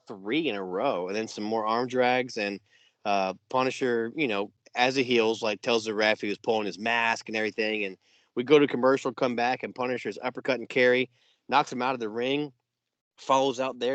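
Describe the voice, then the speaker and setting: A man's voice: medium pitch, fairly quick, no echo. A man co-hosting a casual podcast, eagerly recounting a wrestling match blow by blow, with plenty of "you know" and "yeah.". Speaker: podcast co-host.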